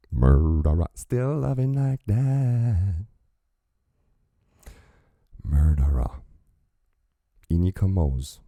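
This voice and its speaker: Brief: male reaction host, extremely deep, gravelly, profane casual commentary, dry close sound. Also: dark tone, dry recording. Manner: profane, pauses music to quote and comment.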